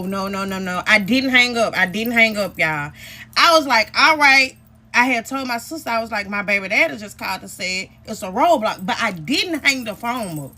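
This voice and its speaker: A woman's voice: fairly high pitch, slight background noise. A young woman vlogger telling a personal story in a casual, profane rant that speaks straight to her viewers. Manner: animated, profane, addresses viewers directly.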